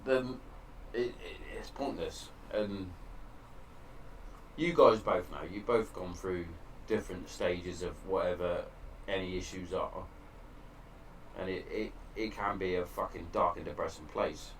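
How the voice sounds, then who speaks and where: A deep-voiced man talks a little slowly on his podcast, recorded in his home shed with slight background noise. It's a frank, emotional, casual chat about hard times, with lots of swearing.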